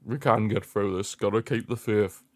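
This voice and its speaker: A man's voice: lowish voice, moderate pace. Anxious young Englishman, watchalong commentary. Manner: anxious, pleading, exclamatory. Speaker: streamer hosting a football watchalong.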